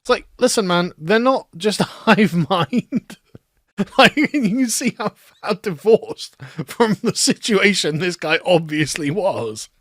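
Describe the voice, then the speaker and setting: A man's voice: high-pitched, lively intonation, takes it slowly, fairly bright tone, no room sound, studio quality. A man giving mocking video commentary, sarcastic and laughing often, sometimes mimicking the people he mocks. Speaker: commentary host.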